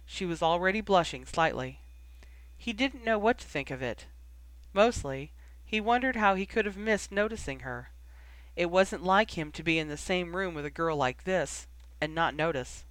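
A narrator reading a story aloud in a steady, even manner. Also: mid-range voice, moderate pace, no room sound, low-quality recording. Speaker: audiobook narrator. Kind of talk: scripted narration.

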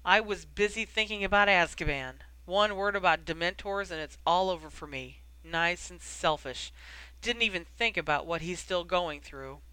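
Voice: medium pitch, normal speed, pushed and bright, clear, resonant tone, no echo, close to an everyday voice, low-quality recording. An audiobook reader voicing an anguished, guilt-ridden grown wizard given to bitter, self-reproaching outbursts.

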